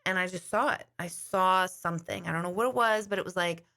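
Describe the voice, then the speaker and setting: A woman's voice: on the low side, brisk, creaky, pushed and bright. A middle-aged woman host chatting casually to her viewers, telling a long rambling story. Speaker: intuitive host.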